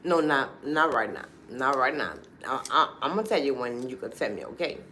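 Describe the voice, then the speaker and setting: A woman, hosting a casual livestream and talking straight to her viewers in a chatty, animated way. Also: a bass voice, moderate pace, slight background noise. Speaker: livestream host.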